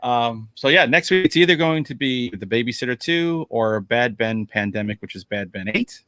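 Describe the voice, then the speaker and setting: A man's voice: mid-range voice, normal speed, no echo. A man co-hosting a horror movie podcast in casual chat, joking and wrapping up the episode. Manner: jokey, animated, wraps up the show. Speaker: podcast co-host.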